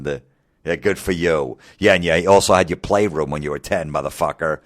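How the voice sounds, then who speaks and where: A man's voice: rumbling low, a little fast, no echo, studio quality. A comedian in his forties delivering an angry, mocking, profane comedic rant. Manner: angry, mocking, heavy swearing.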